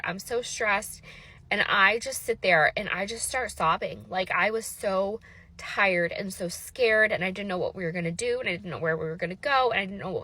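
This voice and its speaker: A woman's voice: mid-range voice, a bit bright. A woman in her thirties telling her own story in a casual, emotional way, acting out what others said and often saying "like". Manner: fast, emotional retelling with lots of quoted dialogue and "like" fillers.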